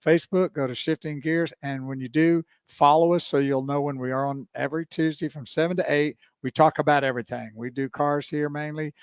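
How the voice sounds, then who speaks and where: A fairly high-voiced man co-hosts a car radio show in a chatty, easygoing way and laughs often. His voice is recorded dry and close in the studio. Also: steady tone, a little fast, hardly any pauses, smooth, dry recording. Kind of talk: casual radio chat.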